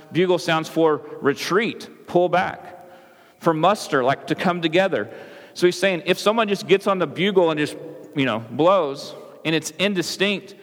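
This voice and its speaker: A male pastor with a fairly high voice, preaching in an easy, conversational style. He checks in with "right?" and restarts his phrases as he goes, and his voice rings out with a long reverb across a large hall. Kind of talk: sermon.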